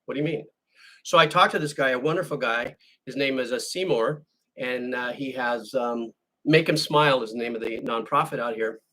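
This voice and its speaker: A male music-channel host answers viewer questions in casual conversation, wandering through a story he keeps correcting and starting again. He speaks at a normal speed in a mid-range voice that's bright and forceful.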